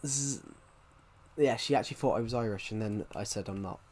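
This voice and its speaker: A man's voice: fairly low pitch, a little mellow. A young man chatting casually on a live stream while gaming, rambling and restarting his sentences. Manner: rambling, halting, many restarts.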